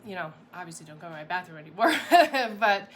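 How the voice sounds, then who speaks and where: Chatty, animated woman coaching. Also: fairly low pitch, a little fast, a little hiss or hum. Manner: chatty and animated, rambling with fillers and laughs. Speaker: mindset coach. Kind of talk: casual motivational talk to camera.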